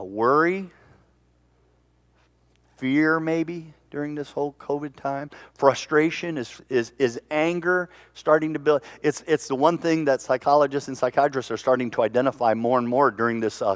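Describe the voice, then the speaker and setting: Male pastor, animated sermon storyteller, dry close sound. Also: medium pitch, no room sound. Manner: animated storytelling, repeats words. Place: church.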